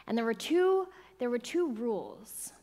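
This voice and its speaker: A woman's voice: fairly high pitch, a little slow. Woman minister preaching with dramatic swings. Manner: dramatic swings from hushed whispers to excited, loud bursts. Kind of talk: inspirational sermon storytelling.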